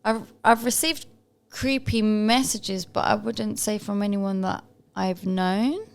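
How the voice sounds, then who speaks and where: A woman's voice: medium pitch, takes it slowly, creaky. Chatty young woman co-hosting a podcast. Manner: chatty, with frequent fillers and restarts. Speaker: podcast co-host. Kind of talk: casual chat.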